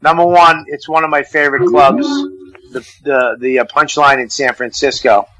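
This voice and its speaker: A man's voice: a little high, moderate pace, dry recording, poor audio. A man, a comedian guest, telling profane stories in a casual radio chat. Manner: profane, animated storyteller. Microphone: phone call-in.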